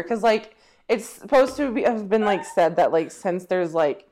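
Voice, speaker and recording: A woman's voice: mid-range voice, moderate pace, a little mellow. A woman in a casual podcast chat who rambles through what she has read. She fills her talk with "like" and keeps breaking into laughter. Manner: rambling, full of "like", laughs while telling. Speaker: podcast co-host.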